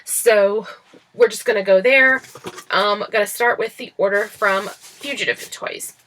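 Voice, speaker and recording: Bright-voiced chatty young woman. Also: medium pitch, unhurried. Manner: rambling, chatty, with many fillers and restarts. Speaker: vlogger showing a toy haul. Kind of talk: casual chat. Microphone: laptop built-in mic.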